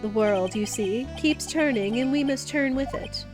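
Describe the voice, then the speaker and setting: A woman voicing a cool, cocky male prosecutor in a smooth lowered voice. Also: unhurried, over music, natural voice.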